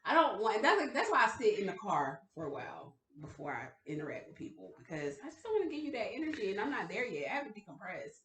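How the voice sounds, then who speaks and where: A bright, sharp-toned woman talks fast and animatedly as a podcast co-host. She laughs often and swears. Her voice is somewhat high and rings in an echoey room. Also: sing-song, distant mic. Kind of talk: casual chat.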